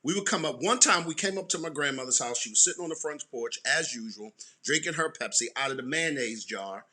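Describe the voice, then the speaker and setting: A middle-aged man with a Baltimore accent, co-hosting a casual show and telling stories in an animated way while repeating his words. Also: medium pitch, fairly quick. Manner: animated, repeats words, keeps the audience close. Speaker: podcast co-host. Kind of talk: casual storytelling chat.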